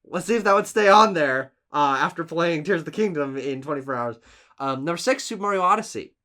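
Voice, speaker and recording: Man, podcast co-host: lively, bright, leans hard on his emphasis. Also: fairly high pitch, a little fast. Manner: emphatic, animated list-giving with restarts. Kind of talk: casual podcast chat.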